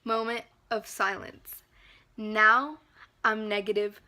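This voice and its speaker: A woman's voice: medium pitch, level tone, slow pace, pushed and bright. A young woman telling a storytime vlog in casual, profane talk, filled with "like" and angry rants. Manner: profane, heavy use of "like", rants. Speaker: vlogger.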